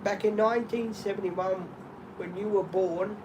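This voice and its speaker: A middle-aged Australian man rambling through animated stories in casual chat, often laughing. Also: high-pitched, normal speed, noisy background.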